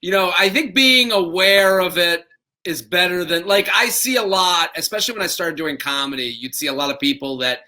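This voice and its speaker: A man's voice: high-pitched, normal speed, sharp tone, low-quality recording. A male stand-up comedian in casual chat, rambling and self-aware, with many fillers.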